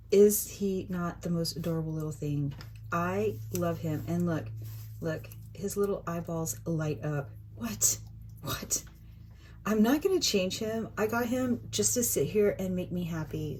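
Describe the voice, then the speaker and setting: A middle-aged woman, chatting excitedly through a craft shopping haul in a casual, gushing way. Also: lowish voice, a little hiss or hum, low-quality recording. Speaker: craft vlogger.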